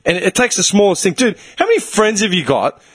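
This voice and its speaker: Animated Australian man, husky and dry. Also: sits high, fairly quick, dry recording. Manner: animated, swearing, explains with rhetorical questions. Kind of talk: casual chat.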